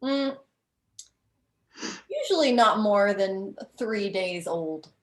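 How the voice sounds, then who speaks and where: A woman voicing a suspicious, gruff male guide who asks probing questions and makes veiled threats. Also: medium pitch, very animated, drawn-out words, reverberant.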